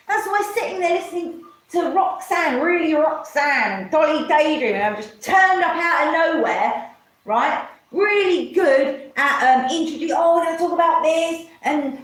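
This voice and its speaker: A woman ranting on a live stream, rambling, swearing often and mocking others in put-on voices. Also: high voice. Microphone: camera mic. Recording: echoey room.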